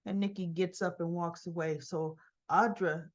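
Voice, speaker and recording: A woman's voice: lowish voice, fairly even intonation, normal speed, lo-fi sound. A woman recapping a soap opera episode in a casual retelling, acting out the characters' lines with chatty asides.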